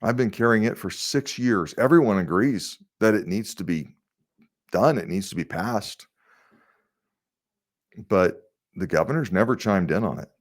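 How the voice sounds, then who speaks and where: A man's voice: on the low side, lively intonation, measured pace, long pauses. A man hosting his own political commentary show, talking conversationally with rhetorical questions and frequent fillers. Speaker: state senator hosting a political video series. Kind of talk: casual political commentary to camera.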